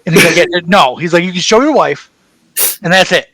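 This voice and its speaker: A man guest chatting in an interview, telling stories in an excited, rambling way and acting out the back-and-forth of conversations. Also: sits high, brisk, dry recording, poor audio. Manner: excited, rambling storyteller, acts out quoted exchanges. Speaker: actor guest. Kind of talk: casual interview chat.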